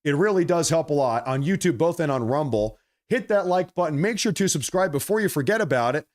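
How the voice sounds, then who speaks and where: A man hosting a political livestream, chatting casually with viewers and reading their messages, with a slight cough, animated and prone to repeating himself. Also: fairly high pitch, fairly quick. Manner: animated, repeats phrases, apologetic asides.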